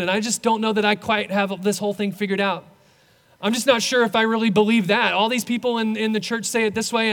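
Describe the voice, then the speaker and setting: A man voicing an unsure, doubting believer who asks hesitant, rushing questions. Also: high voice, fairly bright tone, in a large hall.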